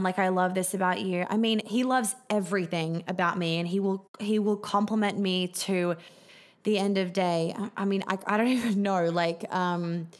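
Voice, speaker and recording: A young woman hosts a live podcast Q&A in a casual, rambling way. She talks in an easy, middle-pitched voice, full of fillers, and she swears freely. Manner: chatty, frequent fillers and swearing. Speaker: podcast host answering viewer questions.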